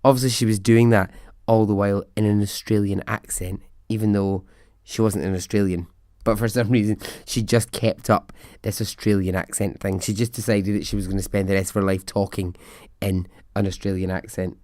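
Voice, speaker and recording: A man's voice: fairly low pitch, flat delivery, fairly quick, mellow, no room sound, studio quality. Chatty man telling a story. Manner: chatty, wry, laughs at his own asides. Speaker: podcast host. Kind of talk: casual storytelling.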